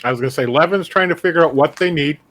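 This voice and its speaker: A man's voice: fairly high pitch, racing, crowd noise. Rambling man playing a tabletop game. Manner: rambling, loose, animated in character. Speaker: player.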